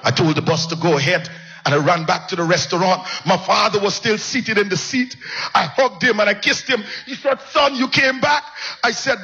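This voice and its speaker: A male pastor preaching a sermon, telling a personal story with passion and swinging from low hushed lines to high cries. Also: moderate pace, faint music behind. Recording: dull lo-fi sound.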